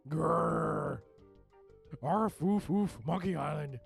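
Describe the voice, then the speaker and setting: A man's voice: fairly high pitch, takes it slowly, creaky, soft background music, pitched below the performer's own voice, heavily acted. A man voicing a playful dog that barks, yips and growls between a few words. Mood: playful barking. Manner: yipping, growling dog noises mixed with names. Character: barking playful cartoon dog.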